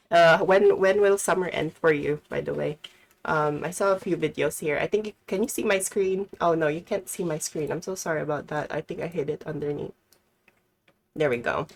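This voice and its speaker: A woman's voice: sits low, moderate pace, gravelly. A young woman from the Philippines, chatting casually with her live viewers in a rambling way, full of fillers. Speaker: streamer.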